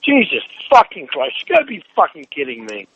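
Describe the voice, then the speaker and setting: A man's voice: fairly high pitch, wildly swooping pitch, fairly quick, heavy background noise. A man on a heated phone call, furious, swearing nonstop and making demands. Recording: dull phone line recording.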